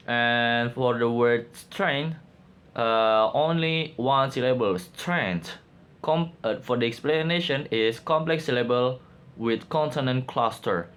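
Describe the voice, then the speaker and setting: A man presenting a class project, reading out his slides haltingly with frequent pauses and fillers. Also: medium pitch, fairly bright tone. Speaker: student presenter.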